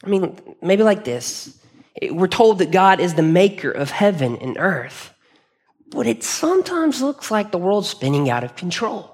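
A man's voice: high voice, sing-song, unhurried, a little mellow. Earnest man preaching a sermon. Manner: conversational, earnest, with frequent restarts. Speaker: pastor. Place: church hall.

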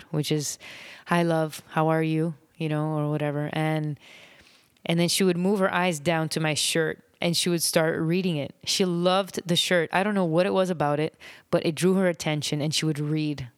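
A woman with a low voice hosts her own podcast in an unedited, reflective monologue. She rambles gently, with soft laughs and pauses. The sound is close and dry. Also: fairly even intonation, clear, resonant tone, no room sound. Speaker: podcast host.

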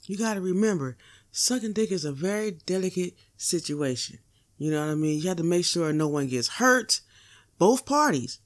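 A young woman hosting a podcast, giving a blunt, profane comedic monologue full of teasing rhetorical asides. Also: fairly low pitch. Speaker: podcast host.

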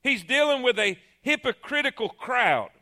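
High, bright-voiced preacher man. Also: normal speed. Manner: animated preaching, repeats phrases, many fillers and restarts. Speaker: pastor. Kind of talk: sermon. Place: church sanctuary.

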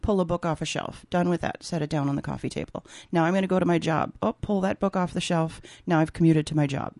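A woman's voice: deep voice, fast talker, creaky, a little mellow, no room sound. A woman talking as a guest on a radio show, casually and animatedly, often laughing. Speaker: textile artist and opera singer guest. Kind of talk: casual radio interview chat. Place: radio studio.

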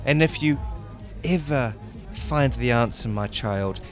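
A man doing a hushed, solemn guru. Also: mid-range voice, soft background music, close to an everyday voice. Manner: slow, grave and hushed. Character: solemn male guru, wise elder.

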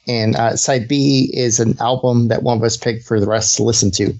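A man's voice: medium pitch, fairly even intonation, normal speed, darkish tone. A young adult man hosting a casual podcast, rambling with many fillers and laughing often. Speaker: podcast host. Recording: dull lo-fi sound with faint hiss.

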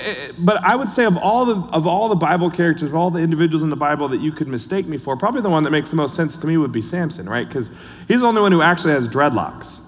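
Guy pastor preaching in a big church, fairly high voice, lots of ums and restarts, long hall echo. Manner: casual, chatty, with many fillers and restarts. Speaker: online and missions pastor. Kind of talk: sermon. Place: church sanctuary.

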